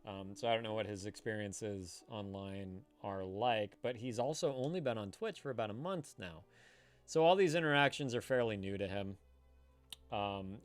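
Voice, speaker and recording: A man hosting a live stream, chatting casually in a rambling way with halting restarts and frequent laughs. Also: on the low side. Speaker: streamer host.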